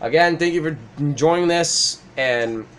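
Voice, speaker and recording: A young man hosting a gaming video, chatting casually and swearing, with ranting, mock-shouted retellings. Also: a little high, a little slow, a little hiss or hum. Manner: animated, swearing, rants with mock-shouted quotes. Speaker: gaming channel host. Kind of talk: casual chat while playing.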